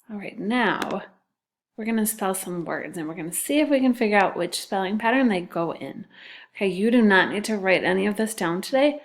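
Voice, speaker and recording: A woman's voice: mid-range voice, a little hiss or hum. A woman teacher giving a phonics lesson to second graders, patient and sounding out letters and syllables.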